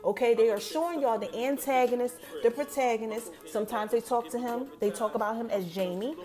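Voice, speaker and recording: A woman, recapping a TV episode in a casual, animated way, talking straight to her listeners and acting out the characters' lines. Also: on the high side, brisk. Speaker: show recapper.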